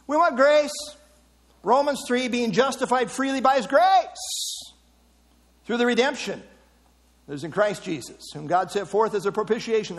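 Male preacher, very high voice, animated and emphatic, echoing in a large hall. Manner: emphatic, rhetorical questions, repeats words. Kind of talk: sermon.

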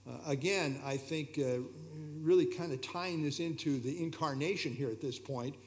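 A man leading an evening Bible study, explaining verses in a relaxed, conversational way with frequent hesitations and fillers. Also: a little high, moderate pace.

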